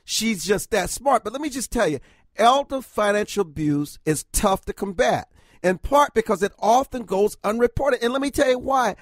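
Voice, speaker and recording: A man's voice: sits high, animated, moderate pace, no room sound. A man hosting a talk radio discussion, speaking earnestly and emphatically, often listing points one after another. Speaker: radio talk show host.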